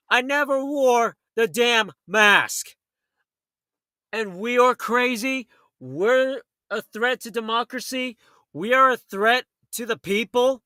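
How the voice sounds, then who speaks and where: Male talk radio host, very high and bright voice, heated storyteller who acts out quotes. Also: dry recording, studio quality. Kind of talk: late-night talk radio monologue.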